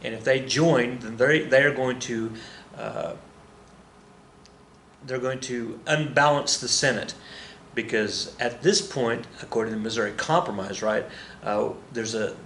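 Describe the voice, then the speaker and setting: A man's voice: mid-range voice, measured pace, a bit bright, reverberant, a little hiss or hum. A male history teacher giving a casual, joking classroom lecture, often correcting himself as he talks to his students.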